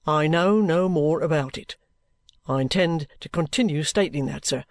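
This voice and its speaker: A man voicing a bluff, steady middle-aged ex-soldier who talks plainly and good-humouredly. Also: a little high, normal speed, dry recording, voice pushed down, close to an everyday voice.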